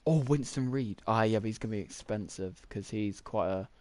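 A man's voice: on the low side, normal speed, mellow, no echo. A young man, rambling through casual gameplay commentary while thinking aloud with lots of fillers. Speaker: gaming YouTuber.

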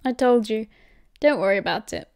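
A woman's voice: a little high, expressive, moderate pace, a little mellow, clear, resonant tone, no room sound, studio quality. A woman reading as an easygoing teenage boy. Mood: casual. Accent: British.

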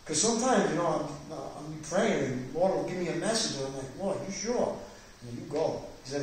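Fervent high-voiced male pastor, echoey hall. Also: big pitch swings, a little fast, a little mellow, slight background noise. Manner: fervent, preaching with rising emphasis. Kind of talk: Bible study sermon. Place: church. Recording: echoey church hall, distant mic.

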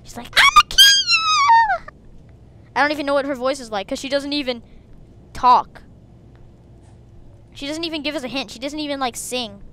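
High-voiced girl gamer yelling and chattering through a match, faint hiss. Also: a little fast, pauses often. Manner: excitable, shrieking outbursts, chatty. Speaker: gaming video host. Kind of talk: casual gameplay commentary.

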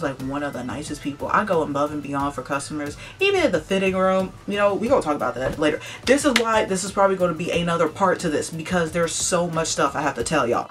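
A young woman telling a casual storytime vlog, chatty and full of "like", acting out what other people said. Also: low-pitched. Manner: chatty, peppered with "like" and "blah blah blah"; animated, acts out other people's lines. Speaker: vlogger.

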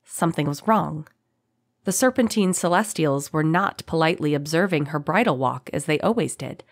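A woman narrating a fantasy audiobook in a dramatic, expressive reading. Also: low voice, moderate pace, dry recording.

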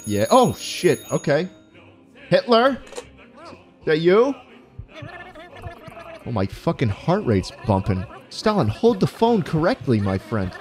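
A man giving profane, excitable let's-play commentary, often yelping and laughing. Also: on the high side, slow, long pauses, soft background music. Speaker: gaming YouTuber.

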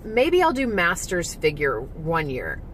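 A woman's voice: low voice, huge pitch swings, unhurried, a bit bright, slight background noise, poor audio. A woman vlogging candidly about competing, emotional and frank, swearing now and then and leaning on lots of "like" fillers. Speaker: vlogger and former physique competitor. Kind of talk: candid personal vlog.

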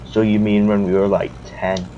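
A man's voice: fairly low pitch, level tone, moderate pace, natural voice. A man voicing an anxious, apologetic young woman in a video game, rambling with stumbling restarts, on a lo-fi recording with a faint hum. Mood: wistful.

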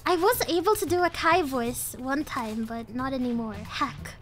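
A woman's voice: high voice, measured pace, fairly bright tone, a little hiss or hum. A young woman streaming a game live, giggly and playful, with lots of slang, laughing often at what happens on screen.

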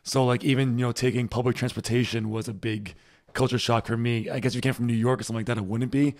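A man's voice: medium pitch, steady tone. Easygoing man from Rhode Island. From Rhode Island, United States. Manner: quick, agreeable, uses fillers like um and you know. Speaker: podcast guest. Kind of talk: casual chat.

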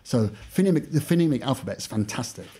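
A man's voice: mid-range voice, lively intonation, fast, mellow, husky. A man who teaches English, talking casually in an interview and acting out classroom exchanges, with lots of "you know" fillers.

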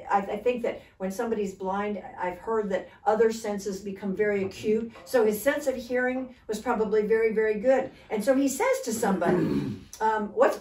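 Co-leading a church Bible study, a woman explains the passage conversationally, often checking in with "okay?". Her voice is medium-pitched with a darkish tone, captured in an echoey room on a distant mic.

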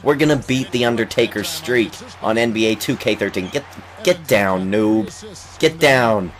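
A young man with a lowish voice talks over a basketball video game in loose, excitable commentary. He coughs now and then while getting over an illness and trash-talks the players on screen. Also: moderate pace. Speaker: gaming YouTuber. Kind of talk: casual let's-play commentary.

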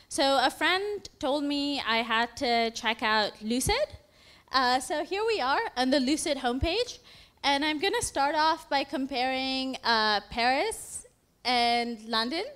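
A woman's voice: high-pitched, a bit bright. A young woman presenting her coding project at a demo day, walking through an app with an upbeat, conversational manner. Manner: upbeat, narrates a live app demo with filler "uh"s.

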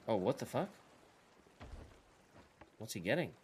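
A man streaming a video game, chatting casually with a teammate in relaxed, profane banter while they plan pranks. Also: lowish voice, measured pace, a little hiss or hum. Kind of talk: casual gaming chat.

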